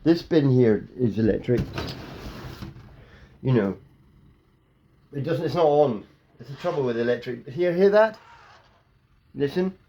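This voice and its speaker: A man's voice: medium pitch, lively intonation, measured pace, pauses often, mellow, muffled recording, slight background noise. A man rambling through silly improvised wordplay at home as a comedian, his mouth a bit dry. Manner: playful, silly wordplay, slips into daft voices.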